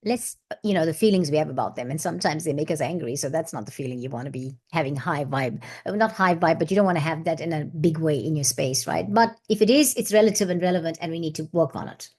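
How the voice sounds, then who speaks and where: A woman's voice: sits low, animated, quick pace, few pauses, a little mellow. A woman hosting a casual spiritual vlog, chatty and meandering with many asides, who at times breaks into flowing chanted syllables. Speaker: spiritual channel host.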